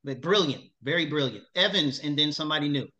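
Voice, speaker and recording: A man's voice: fairly high pitch, fast, pushed and bright, lo-fi sound. A man leading a chaplaincy class, heaping repeated praise on his students as he calls on them. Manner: lavish repeated praise, upbeat.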